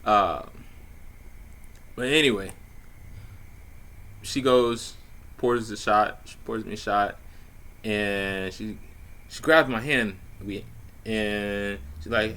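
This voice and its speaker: A man with a low, bright voice drawls through a casual story at an unhurried pace. He sounds relaxed and slangy, swearing freely and padding his lines with fillers. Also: gravelly, slight background noise. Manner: laid-back, slangy and profane, many fillers. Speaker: vlogger telling a dating story.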